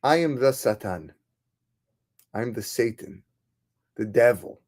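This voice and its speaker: A man voicing a mysterious old stranger who is secretly the devil, speaking calmly and cryptically in a told sermon story. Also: fairly high pitch, moderate pace. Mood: ominous.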